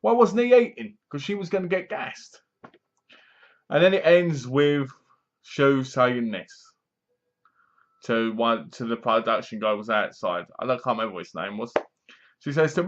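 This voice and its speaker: Guy ranting about a bad horror film, kinda high voice, muffled lo-fi sound. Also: normal speed. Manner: scornful, rambling, mimics characters. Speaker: film reviewer. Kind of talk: casual ranting movie review.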